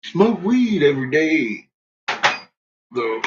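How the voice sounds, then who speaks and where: A man's voice: a little high, very animated, slow pace. A man vlogging casually at home in his kitchen, rambling, joking and talking to his pets. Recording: dull, noisy home recording.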